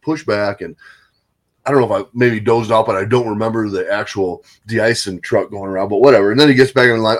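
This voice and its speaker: A man in casual chat, telling profane, animated stories with lots of swearing. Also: on the low side, brisk.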